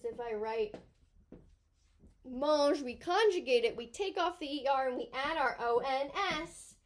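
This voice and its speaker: High-voiced woman teaching a grammar lesson. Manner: patient, explains step by step and points at a table. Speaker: high school French teacher. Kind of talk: recorded grammar tutorial.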